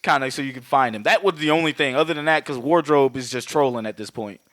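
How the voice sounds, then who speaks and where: A man co-hosting a podcast, rambling and swearing as he recaps a movie and acts out its characters in quick bits. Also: mid-range voice, fairly bright tone, no echo. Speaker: podcast co-host. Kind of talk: casual movie recap chat.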